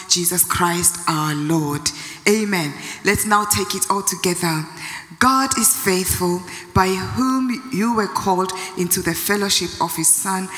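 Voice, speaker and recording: A woman's voice: medium pitch, sharp tone. A woman pastor leading a church service, praying and calling out declarations with fervor, repeating lines and speaking in tongues. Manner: fervent, repeats declarations with the congregation. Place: large church hall. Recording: echoey church hall with music.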